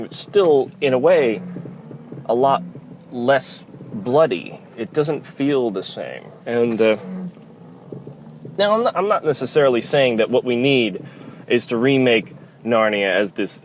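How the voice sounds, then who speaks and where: A man's voice: medium pitch, a little hiss or hum, low-quality recording. A man giving casual spoken commentary on a book and its film, in a loose, rambling way full of filler phrases. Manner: loose, rambling delivery full of "kind of" and "you know".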